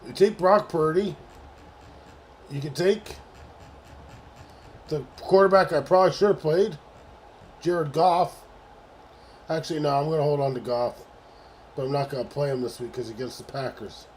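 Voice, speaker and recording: A man hosting a casual sports livestream, bantering with his chat in a profane, exasperated way. His voice sits a little higher than most men's. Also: normal speed, long pauses, a little mellow, a little hiss or hum. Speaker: livestream host.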